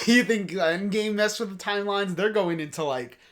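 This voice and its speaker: A man's voice: sits high, normal speed, a bit bright. A man hosting a casual podcast chat, tired and laid-back, who chuckles often and uses lots of fillers. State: tired, yawning. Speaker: podcast host.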